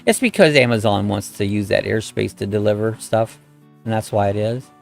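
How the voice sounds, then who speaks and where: Middle-aged guy rambling on a live chat stream, gravelly voice, folksy, faint music behind. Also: on the low side, moderate pace, dry recording. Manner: rambling, folksy, greets viewers by name. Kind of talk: casual live-stream chat, reading out viewer comments.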